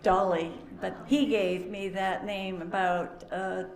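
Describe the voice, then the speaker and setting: An older woman giving an emotional memorial speech, halting, with fillers and laughter through tears. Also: medium pitch, steady tone, roomy sound. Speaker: family friend giving a eulogy.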